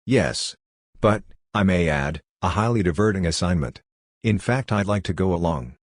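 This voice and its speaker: A man's voice: sits low, lively intonation, moderate pace, dry recording, clean studio sound. A man reading the lines of a young male doctor who lectures in a matter-of-fact way. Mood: lecturing.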